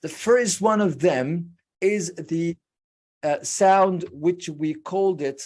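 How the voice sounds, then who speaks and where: Pronunciation teacher, very slow delivery, mid pitch, drills each sound again and again, asks and answers own questions. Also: darkish tone. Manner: slow and deliberate, drilling sounds with many repetitions; explains step by step with rhetorical questions. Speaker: English speaking teacher. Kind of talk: online pronunciation lesson.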